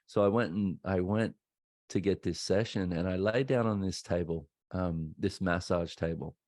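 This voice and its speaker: A man's voice: sits low, moderate pace, darkish tone, no room sound, clean studio sound. An Australian man in his thirties, a podcast host telling a candid personal story in a casual, conversational way. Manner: candid, conversational, acts out quoted voices.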